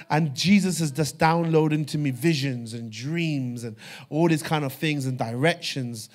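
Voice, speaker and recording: A man preaching a sermon, telling a personal story with fervor, dropping to a hush and then rising loud. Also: on the high side, slow, pauses often. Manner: fervent storytelling, swings from hushed to loud. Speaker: pastor.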